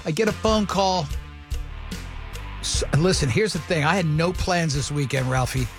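A man hosting a morning radio show, telling a rambling, self-mocking story in a casual, animated way. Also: fairly high pitch, moderate pace, soft background music.

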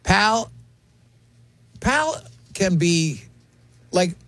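A man's voice: sits high, very slow, no echo. A man hosting a radio talk show, bantering casually and acting out quoted voices with jokes. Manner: animated, jokey, acts out quoted voices.

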